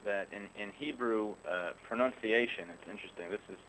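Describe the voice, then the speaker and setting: A man with a very low, deep voice explains things in a thoughtful, measured way. He pauses often with small hesitations as he works through his points. Faint ambient noise sits behind him. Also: fairly bright tone, low-quality recording. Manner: thoughtful, measured, frequent "uh" pauses, occasional chuckles. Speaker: guest, rabbinic scholar. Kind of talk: conversational explanation.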